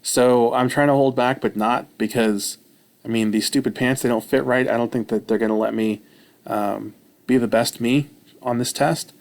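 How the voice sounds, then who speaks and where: A man vlogging, telling a rambling personal story with self-mocking, animated retelling. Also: mid-range voice, normal speed.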